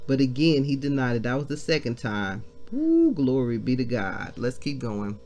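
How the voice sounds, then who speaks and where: A woman leading a devotional Bible reading. She comments excitedly as she reads and calls her listeners family. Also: rumbling low, moderate pace, heavy background noise. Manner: exclaiming, addresses listeners as family. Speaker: devotional leader.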